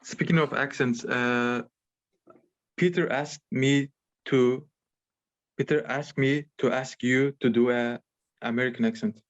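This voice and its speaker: A man in his twenties from Turkey with a Turkish accent, a podcast guest talking casually in a halting way full of fillers. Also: mid-range voice, steady tone. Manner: hesitant, halting with many fillers. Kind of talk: casual chat. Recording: muffled lo-fi call audio.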